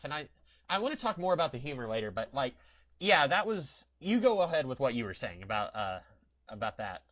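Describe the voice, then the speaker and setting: A man's voice: a little high, a bit bright. A man co-hosting a podcast in casual chat, with a dry, wry and rambling way of talking. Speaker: podcast co-host. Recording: dull lo-fi sound.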